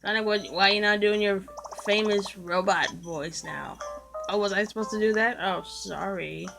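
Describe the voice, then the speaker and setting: Playing a video game, a woman jokes about and teases its characters in casual commentary. She has a medium-pitched voice, a steady tone and a moderate pace, with the game's music clearly audible beneath her.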